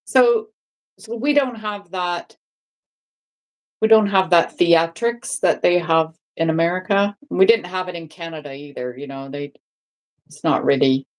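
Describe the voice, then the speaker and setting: A woman with a lowish voice chats loosely on a live stream. She rambles, restarts her sentences and keeps checking in with "right?". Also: unhurried. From England. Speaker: guest. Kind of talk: casual live-stream chat.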